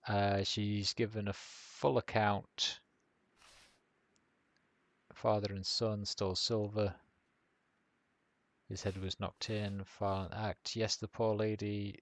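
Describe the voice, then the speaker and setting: A man's voice: on the low side, no echo. A man streaming a detective game, reading clues aloud and making casual, joking asides. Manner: slow, mumbling, joking asides. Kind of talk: casual gameplay commentary.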